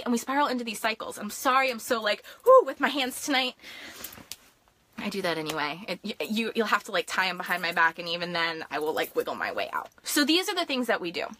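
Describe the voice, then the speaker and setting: A young woman coach on a live stream, excited and fast-talking, with lots of fillers and quick asides to her viewers. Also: on the high side. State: hyped up. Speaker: life and business coach.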